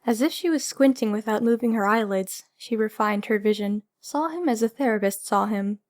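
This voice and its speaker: A woman narrating an audiobook, steady and measured as she describes each scene. Her voice sits a little high.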